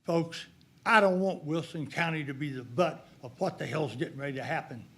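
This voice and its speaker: Older man at the podium, angry and emphatic, voice pitched high. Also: fairly quick, a bit bright. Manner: heated, accusatory, emphatic. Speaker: public commenter. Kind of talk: public comment at a county meeting. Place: county commissioners' court meeting room.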